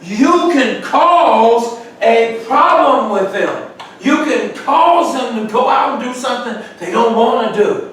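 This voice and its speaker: A man's voice: very high voice, animated, slow, fairly bright tone. A man leading a church Bible study who quizzes the group and answers them with emphatic calls. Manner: asks questions for the group to answer, sudden emphatic outbursts. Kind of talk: call-and-response Bible study teaching. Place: church room. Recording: echoey church room from far off, faint noise.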